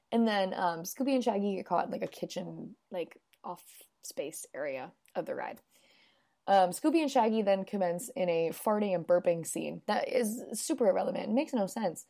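A woman's voice: medium pitch, darkish tone. A woman casually recapping a movie in a rambling way, with lots of "like" fillers. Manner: rambling, peppered with "like".

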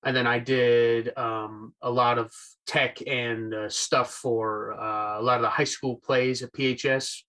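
A man's voice: medium pitch, pushed and bright, low-quality recording. A young man chatting casually as a podcast guest over a video call, rambling with lots of fillers and a self-deprecating humor. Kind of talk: casual chat.

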